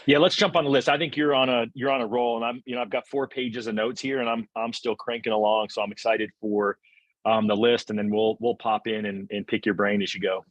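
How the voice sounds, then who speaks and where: A male host chatting in a casual, upbeat way, with a lowish voice. His call audio sounds dull and lo-fi. The sound is dry and close, with no room echo. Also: fairly even intonation, a little fast.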